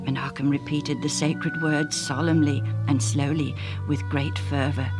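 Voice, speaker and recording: Calm woman narrating a story. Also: low voice, measured pace. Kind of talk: storybook reading. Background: music.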